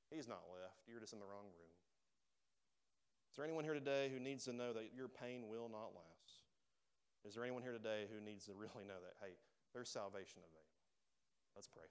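Male pastor, mid-pitched, smooth resonant voice, emotional emphatic sermon delivery with soft-to-loud swings. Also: expressive, fairly quick. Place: church sanctuary.

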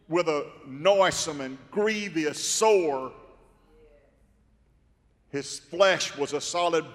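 A male pastor preaching a sermon, swinging from soft, quiet storytelling to dramatic shouting. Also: on the high side. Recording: long reverb from a big hall.

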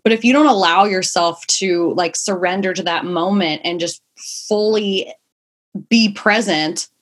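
A woman's voice: fairly low pitch, a little slow, husky. A young woman, a mother of two small children, talking candidly in a casual podcast chat, rambling and swearing now and then.

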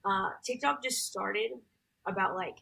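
Young woman singer, gravelly and husky. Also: medium pitch, measured pace, pushed and bright, poor audio. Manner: rambling, many fillers. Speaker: guest, singer. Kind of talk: casual interview storytelling.

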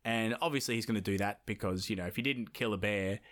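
A man's voice: lowish voice, fast, fairly bright tone. A man hosting a podcast, retelling a folk tale in casual chat with rambling, jokey asides. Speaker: podcast host, storyteller.

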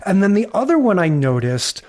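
A man's voice: high voice, big pitch swings, a little fast, a little mellow. A man co-hosting a podcast, chatting casually and analytically, drifting into tangents and little theories. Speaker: podcast co-host. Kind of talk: casual chat.

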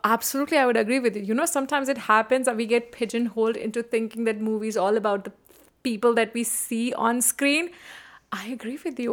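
Animated woman sharing film opinions. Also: on the high side. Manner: animated, opinionated, laughs often. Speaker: podcast co-host. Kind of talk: casual film review chat.

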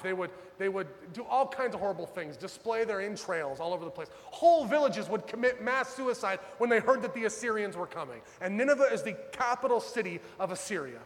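A man preaching a sermon as pastor, dramatic, swinging from loud urgent pleas to hushed low lines. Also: long reverb tail.

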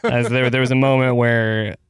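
A man co-hosts a podcast in loose, comic banter, often breaking into laughs. His voice comes across smooth and clear, recorded close and dry with no room sound. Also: medium pitch, level tone, moderate pace, dry recording. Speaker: podcast co-host. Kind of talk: casual comedic podcast banter. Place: gym. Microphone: close mic.

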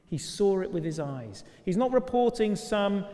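A man's voice: sits high, expressive, normal speed, warm tone. Male preacher, raised voice, conversational sermon with rhetorical questions; long church reverb.

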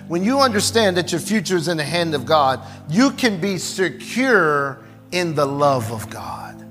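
A middle-aged male pastor delivering a sermon in a voice pitched a touch above most men's. He leans hard on repeated phrases and draws the congregation into call and response. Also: sing-song, a little slow, over music. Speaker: preacher.

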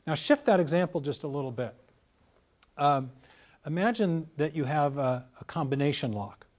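Middle-aged male guest, slightly higher voice, measured explainer, storyteller. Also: lively intonation, darkish tone. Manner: measured, explanatory, tells illustrative stories. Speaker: guest scholar. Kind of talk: explanatory interview talk.

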